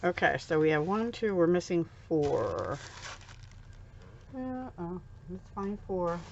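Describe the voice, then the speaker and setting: A middle-aged American woman chats unhurriedly, in a fairly low voice, as she unboxes handmade crafts. She gushes and is easily touched. Her home recording sounds dull and lo-fi, with a faint hiss behind her. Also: very animated, slow, creaky. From USA. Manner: chatty, gushing, easily touched. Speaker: crafting vlogger. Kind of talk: casual unboxing chat.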